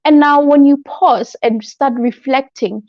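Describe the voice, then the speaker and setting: A woman's voice: sits high, unhurried, no room sound. A woman hosts a motivational livestream, chatting to viewers, reacting to their comments and repeating her key phrases. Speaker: host. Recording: dull lo-fi livestream audio.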